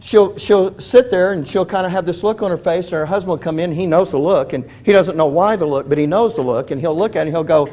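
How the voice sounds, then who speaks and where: A man with a fairly high voice leads a Bible lesson like a friendly chat. He tells light, funny stories, often stops and restarts a sentence, and keeps asking his listeners questions. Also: fast, few pauses, dark tone. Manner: chatty, restarts sentences, asks the audience questions; humorous storytelling. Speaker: Bible teacher. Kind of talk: conversational Bible study teaching.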